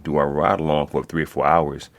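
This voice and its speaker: A man speaks in an extremely low, booming register. He talks as a guest in a lively, streetwise way, tossing in curses and checking in with his listener. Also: a little fast. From Brooklyn, New York. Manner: animated, streetwise, swears freely, many "you know what I'm saying". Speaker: guest, code enforcement instructor. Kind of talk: casual interview talk.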